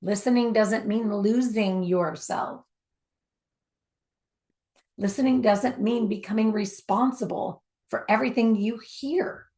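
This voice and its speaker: A woman giving a spoken teaching on communication, emphatic and repetitive for stress, sometimes dropping to a soft near-whisper. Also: mid-range voice, slow.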